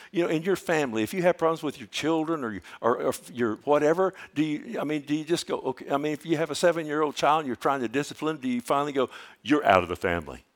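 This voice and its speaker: A middle-aged man preaching a sermon as a pastor, swinging from loud urgency to hushed storytelling and repeating phrases for emphasis. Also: fairly high pitch. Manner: repeats phrases, with filler restarts.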